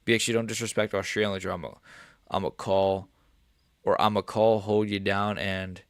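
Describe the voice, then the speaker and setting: A man with a lowish, gravelly voice chats loosely with his viewers, swearing freely and wandering from thought to thought. The sound is dry and close, with no room around it. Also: level tone, moderate pace, no room sound. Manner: profane, rambling, talks straight to chat. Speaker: MMA livestreamer. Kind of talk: casual livestream chat reacting to viewers.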